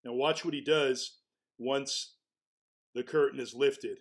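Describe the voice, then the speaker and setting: A man's voice: medium pitch, fairly even intonation, slow. A man giving casual commentary on a video clip, talking in a conversational way and sometimes mocking the people he shows. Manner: conversational, mocking impressions of others.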